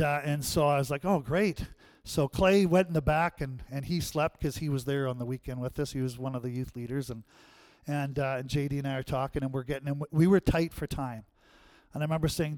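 A middle-aged man preaching a sermon, telling a personal story and acting out his own lines with rising pitch and volume. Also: dry recording. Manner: animated storyteller, acts out his own past quotes with rising pitch and loudness. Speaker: pastor.

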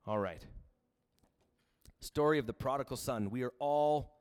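A man's voice: medium pitch, a little slow, a little mellow, clean tone, no room sound, clean studio sound. A man preaching a sermon with casual, joking asides as he reads and explains scripture. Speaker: pastor.

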